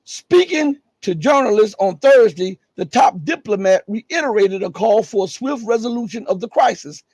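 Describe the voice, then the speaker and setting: Middle-aged male streamer, raspy and scratchy, pitched high, close and dry, pushes hard on rhetorical questions. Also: expressive, normal speed, a little mellow, no room sound. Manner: emphatic, full of rhetorical questions. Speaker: live-stream news commentator. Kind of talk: live news commentary.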